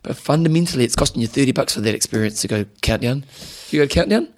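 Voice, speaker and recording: A man's voice: mid-range voice, quick pace. A New Zealand man co-hosting a radio show, chatting casually and teasing his co-host. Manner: teasing, animated. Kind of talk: casual banter.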